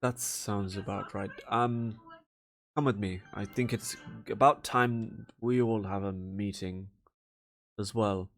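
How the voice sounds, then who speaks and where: Brief: a hushed, hesitant leader of a hero band, voiced by a man in a tabletop game. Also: fairly low pitch, fairly even intonation, slow pace, faint music behind. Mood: resigned. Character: worried, quiet male leader of the party.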